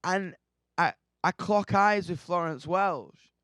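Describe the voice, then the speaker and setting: A young man rattles through stories in a radio studio, excitable and rambling, swearing freely. His voice sits a little high, and the room is dry. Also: slow pace, clear, resonant tone, dry recording. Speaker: musician guest. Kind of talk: casual interview chat.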